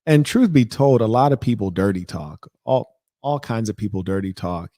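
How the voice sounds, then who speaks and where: A man's voice: lowish voice, lively intonation, normal speed, warm tone, no room sound, clean studio sound. A man hosting a reaction video, speaking in an indignant, rambling and emphatic way. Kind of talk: reaction commentary.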